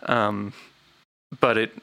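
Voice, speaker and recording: Bright, crisp man chatting casually. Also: lowish voice, level tone, drawn-out words, no room sound. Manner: hesitant, rambling with restarts. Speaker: podcast co-host. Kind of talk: casual chat.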